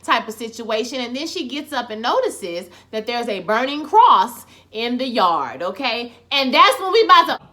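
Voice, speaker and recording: Sassy woman recapping a show, bright punchy voice, kinda high, swears a lot. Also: moderate pace, few pauses, slight background noise. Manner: sassy, expressive, profane. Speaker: TV recap vlogger. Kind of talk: casual episode recap.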